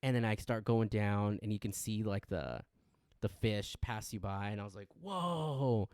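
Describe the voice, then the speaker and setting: A man co-hosting a casual podcast, an animated storyteller who acts out quotes. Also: fairly low pitch, a little slow, no echo, clean studio sound. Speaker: podcast co-host. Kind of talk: casual chat.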